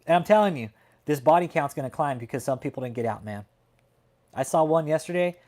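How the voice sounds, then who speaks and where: A man's voice: a little high, animated, brisk, darkish tone. A man from California hosting a casual livestream chat, talking in a heated, profane, emphatic way and often tacking on "man". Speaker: livestream host. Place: home in Texas.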